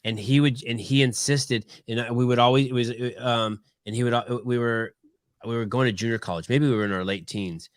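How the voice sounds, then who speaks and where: A middle-aged man hosting a podcast, telling stories in casual chat, swearing freely and getting animated. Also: mid-range voice, a little fast, dry recording, studio quality. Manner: profane storytelling, animated. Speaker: podcast host.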